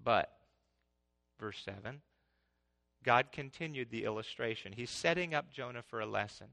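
A man preaching a sermon in an animated way, swinging between loud passages and hushed ones. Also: mid-range voice, normal speed, creaky.

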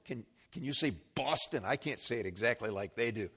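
A male pastor preaching a sermon, animated, with restarts and repeated words and side remarks to the congregation. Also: medium pitch, brisk, few pauses, breathy edge.

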